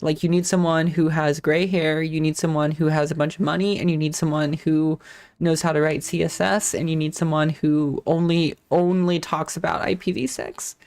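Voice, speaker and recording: A woman's voice: low voice, steady tone, normal speed, a little mellow. A woman hosting a casual live-stream tech talk, thinking aloud with restarts, self-corrections and casual swearing.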